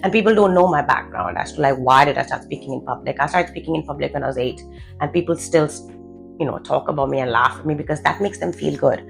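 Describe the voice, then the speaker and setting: In a fast, low voice with vocal fry, a woman confidence coach delivers a cursing, blunt motivational rant to camera, pounding out rhetorical questions. Soft music plays in the background of the low-quality recording.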